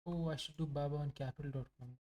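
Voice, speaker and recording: A man's voice: fairly high pitch, fairly even intonation, fast, mellow. A young man casually reviewing his day trades, rambling, joking and poking fun at himself as he talks. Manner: rambling, joking and self-mocking. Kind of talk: casual live trading commentary.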